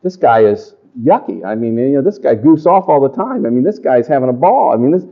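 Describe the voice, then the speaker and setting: A middle-aged man preaching a testimony sermon to a congregation, folksy and animated in his storytelling. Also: mid-range voice, a little fast, creaky. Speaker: pastor. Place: church or camp meeting. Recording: dull lo-fi live recording.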